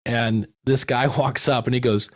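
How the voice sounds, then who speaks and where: Guy chatting as a podcast guest, lively storyteller, does little voices for quotes. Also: medium pitch, measured pace. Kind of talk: casual interview chat.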